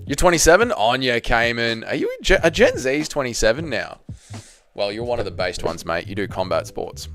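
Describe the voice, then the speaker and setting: A man's voice: medium pitch, big pitch swings, brisk. An Australian man in his thirties hosting a casual livestream watch-along, bantering with chat in a profane, joking way. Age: 30s. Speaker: livestream host. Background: faint background music.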